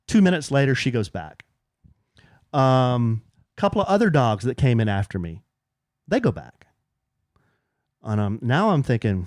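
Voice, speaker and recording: A middle-aged man co-hosting a podcast, telling a story in casual chat and jumping up high whenever he quotes someone. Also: normal speed, pauses often, no echo, studio quality. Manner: animated, jumps high when quoting people. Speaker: podcast co-host.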